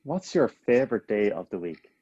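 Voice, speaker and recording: Mellow low-voiced male podcast host. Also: big pitch swings, normal speed, slightly rough, highs cut off. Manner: playful, laughs easily. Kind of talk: rapid-fire interview questions.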